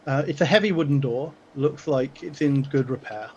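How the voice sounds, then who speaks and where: A man narrating as game master for a tabletop game, halting and full of fillers. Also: medium pitch, a little mellow, muffled recording, slight background noise.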